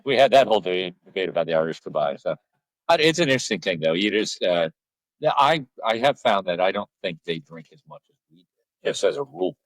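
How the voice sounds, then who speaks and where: A man hosting a podcast in casual chat, meandering and halting, often repeating words as he goes. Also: deep voice, very animated, dry recording, poor audio. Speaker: podcast host.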